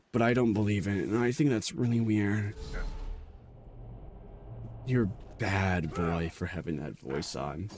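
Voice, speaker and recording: A man with a lowish voice streams as a VTuber, rambling and joking in casual livestream chat, correcting himself and stammering through lots of restarts. There's a little hiss or hum.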